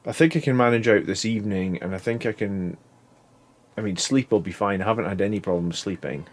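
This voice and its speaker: A man's voice: lowish voice, brisk. Tired man rambling in a video diary. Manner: rambling, restarts sentences. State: tired and foggy from fasting. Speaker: YouTube channel host.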